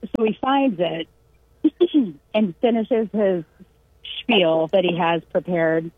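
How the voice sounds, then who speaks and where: Chatty low-voiced woman on a phone-like line. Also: slow, dry recording. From California. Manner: lively storyteller who acts out quoted voices and laughs. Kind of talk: casual storytelling chat. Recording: dry, narrow phone-like radio sound.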